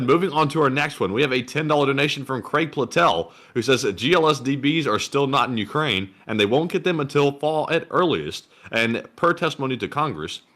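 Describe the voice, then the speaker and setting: Bright-voiced male co-host reading donations. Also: mid-range voice, lively intonation, fairly quick, hardly any pauses. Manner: reads out donor names and messages. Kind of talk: casual live-stream chat.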